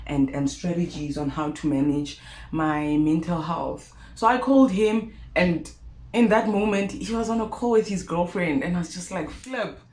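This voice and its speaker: A young South African woman telling a personal story to her viewers in a vlog, expressive and animated. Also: fairly low pitch. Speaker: YouTuber. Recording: roomy echo.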